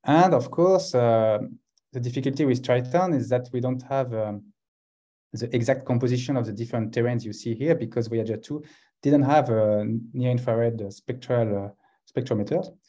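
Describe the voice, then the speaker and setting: A man's voice: mid-range voice, normal speed, mellow. A man with a French accent presenting a science talk over a video call, with frequent hesitations. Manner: hesitant, many uhs between phrases. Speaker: guest scientist.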